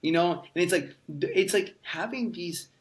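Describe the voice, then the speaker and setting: A man's voice: sits high, unhurried. Emphatic, swearing man in his thirties. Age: 30s. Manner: emphatic, profane storyteller. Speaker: podcast guest. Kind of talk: casual conversation.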